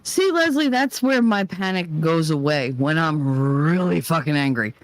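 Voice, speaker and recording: A woman's voice: low voice, lively intonation, moderate pace, few pauses, no echo. Woman, livestream host, heated, profane, blunt, dry close sound. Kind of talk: casual venting chat.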